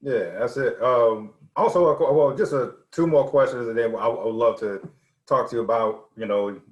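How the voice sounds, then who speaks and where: A man interviewing a guest in a relaxed, casual way, with lots of filler words. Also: medium pitch, normal speed, echoey room, highs cut off.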